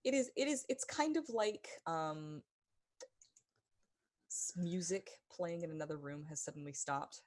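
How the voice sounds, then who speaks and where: Low-pitched woman game master, halting, lots of ums. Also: darkish tone. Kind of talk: narrating a tabletop game.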